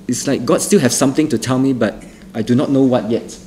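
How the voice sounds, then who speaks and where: A middle-aged man from Singapore, giving an earnest spoken testimony that repeats phrases for emphasis and restarts in halting bursts. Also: medium pitch, warm tone, a little hiss or hum. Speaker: testimony speaker.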